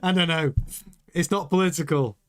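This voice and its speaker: A man hosting a live watchalong, reading out viewer chat and giving casual, rambling commentary that often stops and restarts mid-sentence. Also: on the high side. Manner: chatty, rambling, self-interrupting. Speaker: livestream host reading chat.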